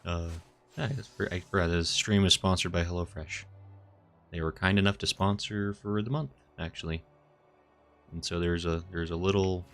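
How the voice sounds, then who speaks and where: A man's voice: low-pitched, fairly bright tone. A man streaming a video game, chatting casually and reading viewer comments aloud with an easy, chuckling manner.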